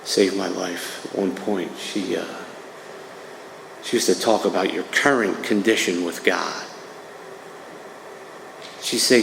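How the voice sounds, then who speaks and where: A middle-aged New Jersey man gives a chatty personal testimony at a recovery meeting, his low, creaky, slightly bright voice moving slowly with long pauses. He peppers his talk with "man" and "right," and the echoey hall carries faint room noise.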